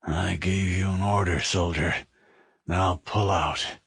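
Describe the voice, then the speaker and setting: A man's voice: sits low, fairly even intonation, slow, vocal fry, fairly bright tone, breathy edge, no room sound, clean studio sound, heavily acted. A male narrator voicing a dying, delirious ship captain with a weak, slurred voice, heard as if from a distance. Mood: slurred, insistent. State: delirious, in pain.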